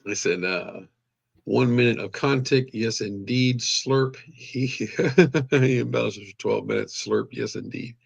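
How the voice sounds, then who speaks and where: A man's voice: medium pitch, slow, gravelly, breathy edge. A man co-hosting a livestream in casual chat, folksy and rambling with joking asides. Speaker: livestream co-host.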